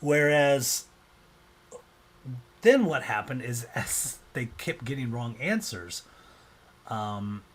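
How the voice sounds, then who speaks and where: A man's voice: mid-range voice, expressive, takes it slowly, pauses often. A man presenting a casual explanatory talk, loose and conversational, often acting out quoted reactions.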